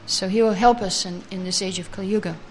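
A woman leads a scripture class, slowly chanting Sanskrit verses, then reading translations, explaining each, and taking answers from the class. Her middle-pitched voice is steady and darkish, with a faint hiss of background noise beneath it.

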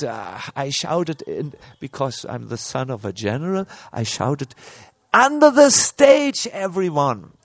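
Middle-aged male spiritual teacher, slow and halting storyteller, slightly high voice, dry close sound. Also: a little mellow, dry recording. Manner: slow, halting, many fillers and restarts. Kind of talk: sermon with personal story.

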